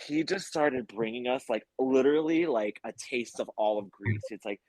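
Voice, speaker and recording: A man's voice: medium pitch, normal speed, darkish tone, no room sound, low-quality recording. Young man telling a rambling story. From United States. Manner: rambling storyteller, many fillers. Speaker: guest. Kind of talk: casual chat.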